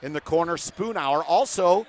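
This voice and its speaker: A man's voice: on the high side, moderate pace. A man doing play-by-play for a basketball game from a broadcast booth, chatting with guests between plays. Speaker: play-by-play announcer.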